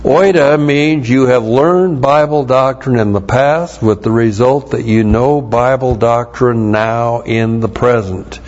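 A male preacher teaching from the Bible at a very slow, deliberate pace. He stops to spell out Greek words letter by letter and repeats his key points. His voice has a mid-range pitch, and the recording sounds dull and lo-fi. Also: darkish tone. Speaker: pastor. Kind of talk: expository Bible teaching sermon.

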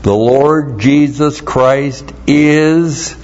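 A pastor delivers an expository Bible teaching sermon slowly and deliberately, spelling out Greek words letter by letter. His voice is fairly high and a little mellow, and the recording is dull and lo-fi.

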